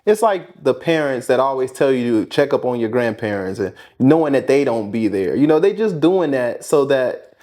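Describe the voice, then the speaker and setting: A man at an ordinary pitch gives his opinion in a loose, conversational way. His speech is informal and unpolished. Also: normal speed. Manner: relaxed, informal, repeats himself. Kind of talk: casual chat.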